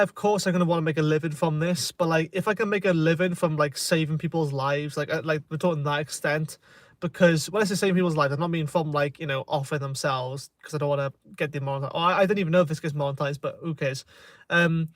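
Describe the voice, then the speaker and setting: A Welsh self-help vlogger with a slightly high voice chats casually on a livestream, holding his phone outdoors in a remote spot. He rambles, hesitates and swears freely; the recording sounds dry and studio quality.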